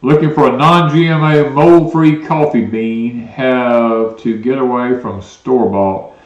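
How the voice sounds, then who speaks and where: A man's voice: mid-range voice, measured pace, roomy sound, lo-fi sound. A man with a Southern US accent co-hosting a homestead live stream, rambling casually and reading viewer comments aloud. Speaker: homestead channel co-host.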